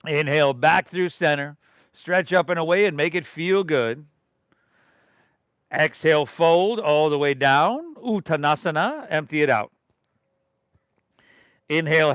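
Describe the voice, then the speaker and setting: Man, yoga instructor, encouraging breath cues, fairly high voice, dry close sound. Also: expressive, measured pace, fairly bright tone, no room sound. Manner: encouraging, rhythmic breath cues with casual asides. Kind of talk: live-streamed yoga class cues.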